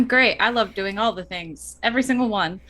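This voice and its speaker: A woman's voice: medium pitch, fairly quick, pushed and bright. A woman introducing herself as a player, eager and upbeat, a bit off the mic. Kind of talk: casual chat.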